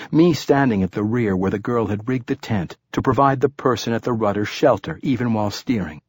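Low, husky male audiobook narrator. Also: no room sound, studio quality. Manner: calm, measured storytelling.

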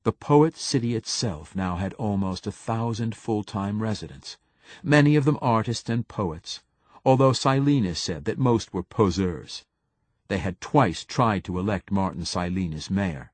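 A man reading a novel aloud as an audiobook narrator, in a measured, even storytelling manner. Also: fairly low pitch, no room sound. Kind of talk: scripted narration.

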